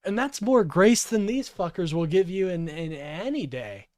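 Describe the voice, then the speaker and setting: A man's voice: high voice, sing-song, normal speed, darkish tone, no room sound, clean studio sound. A man in his twenties giving profane, heated reaction commentary on a clip. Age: 20s. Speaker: political streamer.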